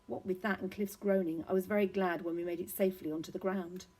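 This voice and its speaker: Give me a woman reading a children's novel, low and mellow, a touch husky. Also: steady tone, quick pace, poor audio. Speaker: reader.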